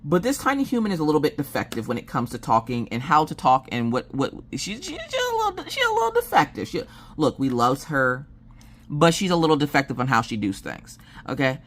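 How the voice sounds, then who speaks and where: A woman's voice: a bass voice, brisk. A woman in her thirties, casually telling a family story and acting out her family's lines in a jokey way. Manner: animated, jokey, acts out family members' lines. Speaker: vlogger telling family stories.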